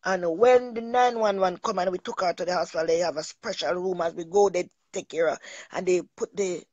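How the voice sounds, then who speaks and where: A woman's voice: lowish voice, fairly quick, darkish tone, no room sound, lo-fi sound. Middle-aged female host, emotional rambling storyteller, dry close sound. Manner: rambling, emotional, repeats herself. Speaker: talk show host. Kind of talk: personal storytelling monologue.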